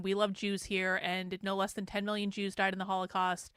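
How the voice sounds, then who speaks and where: A woman's voice: medium pitch, monotone, fairly quick, a bit bright, clean tone, dry recording, studio quality. A woman host from New Hampshire, sarcastically commenting on video clips in a blunt, casual way. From New Hampshire, USA. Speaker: show host reacting to clips.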